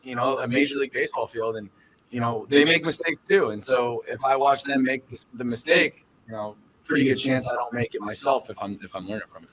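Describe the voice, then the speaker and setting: A man's voice: mid-range voice, brisk, a bit bright, a little hiss or hum, rough recording. A young man from Southern California, a professional baseball catcher, answering questions earnestly in a casual podcast interview, with lots of fillers and restarts.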